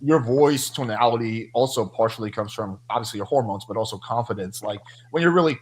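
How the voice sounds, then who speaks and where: A man's voice: mid-range voice, fairly quick. A man in a group talk, asking a question and thinking it through aloud. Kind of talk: casual group chat on a stream.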